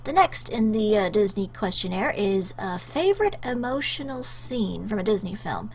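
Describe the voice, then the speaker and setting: A young woman talks straight into her webcam in a loose, rambling way, full of little fillers and restarts. Her voice sits at an ordinary pitch, and she sounds choked up with emotion. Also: sing-song, moderate pace, loud music behind the voice. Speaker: YouTuber answering a questionnaire. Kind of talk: casual webcam chat.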